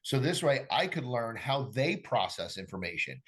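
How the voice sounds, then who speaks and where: A middle-aged golf coach chats casually on a podcast, telling stories and acting out the dialogue with animation. His voice is mid-range and his pace moderate.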